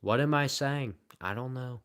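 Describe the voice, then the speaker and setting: Rambling deadpan man with Southern-tinged speech. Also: medium pitch, moderate pace, clean tone. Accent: Southern American. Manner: rambling, deadpan and self-mocking. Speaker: live streamer. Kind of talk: casual livestream chat answering comments.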